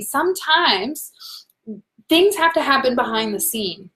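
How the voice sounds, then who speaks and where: Woman doing a live tarot stream, kinda high voice, warm and encouraging, calls everyone guys, laughs a lot. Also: expressive, normal speed. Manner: reads out viewer comments, laughs often.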